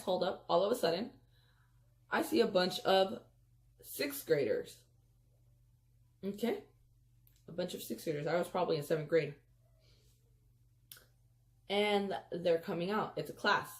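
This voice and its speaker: A woman with a notably low voice tells a storytime to her viewers, animated and emphatic. She keeps calling them "you guys" and fills her talk with "like" and "freaking," in a loose, chatty way. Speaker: storyteller vlogger. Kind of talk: casual storytime vlog.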